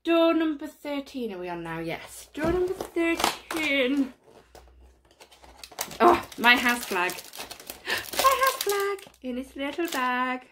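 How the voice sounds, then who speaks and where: Gushing high-voiced woman. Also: very animated, slow pace. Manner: gushing, gasps often. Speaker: unboxing vlogger. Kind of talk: casual unboxing commentary. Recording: plastic crinkling noise behind.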